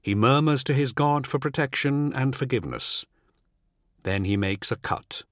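A man giving a measured, dramatic audiobook narration. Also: mid-range voice, a bit bright, no room sound, studio quality.

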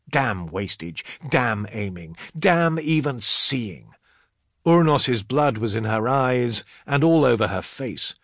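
A man narrating an audiobook in a dramatic, expressive reading. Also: on the low side, no room sound, studio quality.

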